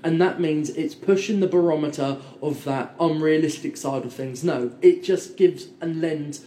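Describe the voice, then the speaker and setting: Here a man with a warm, somewhat high voice talks films at a moderate pace, co-hosting a podcast in a rambling, enthusiastic way. He quotes others using put-on voices, and the recording carries room echo.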